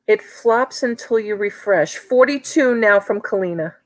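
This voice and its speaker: A woman's voice: mid-range voice, low-quality recording. A woman with a New York accent calling a live online auction, chatty and teasing bidders by name.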